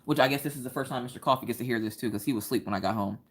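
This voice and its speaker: A woman, hosting a casual craft livestream chat and telling stories in an animated way. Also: a bass voice, very fast, a little hiss or hum. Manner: animated storytelling, acts out quoted voices.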